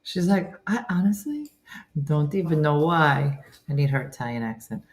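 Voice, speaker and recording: Chatty middle-aged lady host, low voice, quick asides. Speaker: host reading viewer comments. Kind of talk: casual chat.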